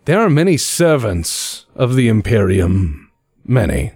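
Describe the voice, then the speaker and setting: A man voicing a refined, menacing male spymaster who speaks in a silky, measured, dainty way. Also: mid-range voice, big pitch swings, a little mellow, breathy edge, dry recording, studio quality, faint music behind, heavily acted.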